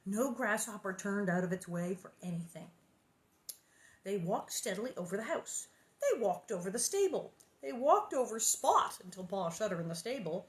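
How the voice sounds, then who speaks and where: A woman's voice: mid-range voice, very animated, normal speed. A woman reading a children's book aloud, breaking off for squeamish, jokey asides. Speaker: reader.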